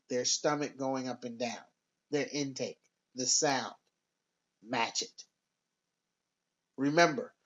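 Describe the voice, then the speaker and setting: A man giving a scripted sales training narration in an instructive, measured and emphatic way. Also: a little high, lo-fi sound.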